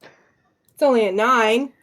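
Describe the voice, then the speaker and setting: Slow-talking woman player. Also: fairly high pitch, fairly bright tone. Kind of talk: casual tabletop game chat.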